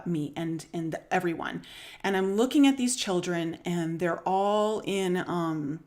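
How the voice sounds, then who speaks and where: A woman with a Canadian accent telling a long dream story on a live stream, casual and rambling, with many fillers and small laughs. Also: fairly low pitch. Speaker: spiritual vlogger.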